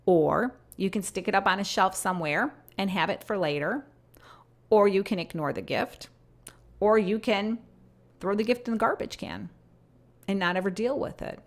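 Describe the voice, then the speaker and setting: A woman in her fifties giving a personal spiritual talk, earnest, slowing down and softening when she reads her written messages. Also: mid-range voice. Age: 50s. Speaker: host sharing messages from prayer.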